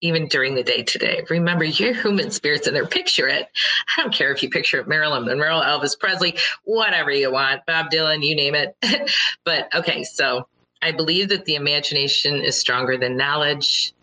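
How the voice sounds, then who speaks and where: Middle-aged woman, low and bright, earnest motivational speaker who acts out reactions in her stories. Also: a little fast, poor audio. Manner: earnest and storytelling, with animated quoted reactions. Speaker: speaker addressing listeners. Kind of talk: motivational talk.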